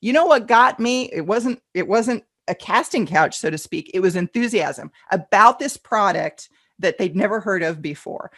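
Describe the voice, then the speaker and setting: A woman's voice: mid-range voice, lively intonation, moderate pace, fairly bright tone. Middle-aged woman consultant, chatty and upbeat, answering questions in a live online class. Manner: chatty and enthusiastic, reads out attendee questions and answers them. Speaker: fundraising event consultant teaching a class.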